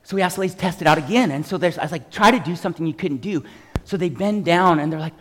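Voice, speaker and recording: A man's voice: high voice, quick pace. A man preaching and telling a testimony story, acting out the people in it and raising his voice for emphasis. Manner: animated storyteller, acts out dialogue, shouts for emphasis. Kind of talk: sermon with personal testimony. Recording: reverberant hall.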